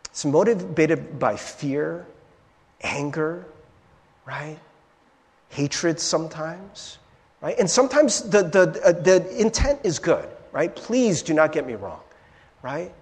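A man's voice: on the high side, takes it slowly. A male pastor preaching a sermon in a conversational way, often checking in with "right?". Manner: animated and conversational, keeps asking "right?". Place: church sanctuary. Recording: long reverb of a large hall.

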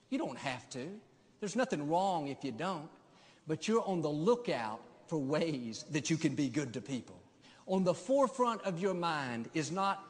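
A man's voice: a little high, big pitch swings, normal speed. Preaching man in a reverberant hall. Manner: emphatic preaching cadence. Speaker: pastor. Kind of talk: sermon.

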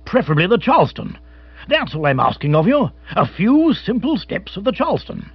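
A boisterous old colonial hunter, all exclamations and rambling anecdotes, as a man puts him on. The voice sits high and bounces about with a husky edge. It comes through a dull, lo-fi storybook recording. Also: wildly swooping pitch, fairly quick, no room sound, exaggerated voice. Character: blustering older male colonial big-game hunter.

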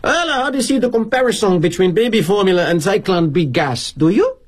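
A man's voice: high voice, expressive, a little fast, breathy edge, pitched above the performer's own voice. A man voicing a sardonic male executive with a Cuban accent, barking and mocking.

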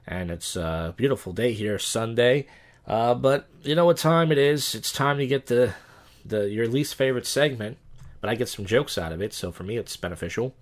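A man's voice: medium pitch, normal speed. Rambling man hosting a comedy podcast. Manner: rambling, deadpan jokes, frequent fillers and restarts. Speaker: podcast host. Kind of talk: casual comedic news rundown.

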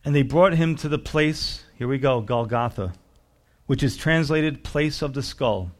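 A male pastor preaching verse by verse through a gospel passage. His voice sits at an ordinary middle pitch, and he explains each line in plain terms. He sometimes acts out the voices of people in the story. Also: unhurried. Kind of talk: sermon.

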